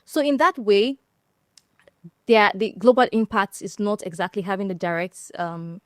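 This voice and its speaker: A woman from Nigeria on a discussion panel, telling stories in an animated way and laughing often. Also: medium pitch, moderate pace, no echo, clean studio sound.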